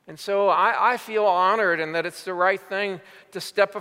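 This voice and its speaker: Older pastor in a reverberant sanctuary. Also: male voice, high-pitched, normal speed, bright, forceful tone, clean tone. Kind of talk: sermon. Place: large church sanctuary. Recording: long hall reverb.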